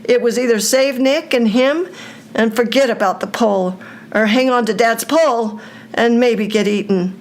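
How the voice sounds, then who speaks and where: An older woman reading a children's story aloud, with a slow, deliberate storytelling delivery. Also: on the high side.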